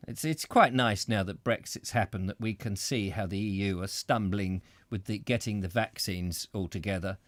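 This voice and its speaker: A man's voice: lowish voice, moderate pace, hardly any pauses, no echo, clean studio sound. A middle-aged Englishman hosting a live reading, breaking off into rambling, self-interrupting chat about the text and viewers' comments. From Britain. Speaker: reader and host.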